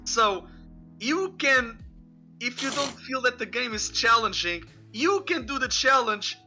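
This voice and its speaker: A male podcast host chats casually and rambles, with many fillers, restarts and "you know"s. His voice is extremely high-pitched and animated, yet unhurried. Faint music plays behind him.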